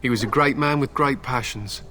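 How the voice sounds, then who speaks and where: A man's voice: mid-range voice, moderate pace, music in the background, lightly acted. An actor voicing a stern, proud male warrior and hound handler in video game dialogue, telling old tales solemnly and threatening bluntly.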